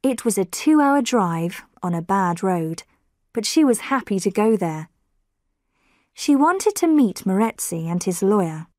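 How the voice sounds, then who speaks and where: Slow, clear woman narrating a graded reader. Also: mid-range voice, a little mellow, no echo, studio quality. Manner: slow, clear storytelling with quoted voices lightly lifted. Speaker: audiobook narrator.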